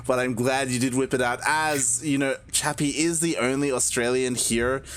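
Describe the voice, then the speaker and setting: A man casting a live video game match in a relaxed way, with drawn-out phrasing and frequent laughter. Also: medium pitch, a little hiss or hum. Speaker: esports caster.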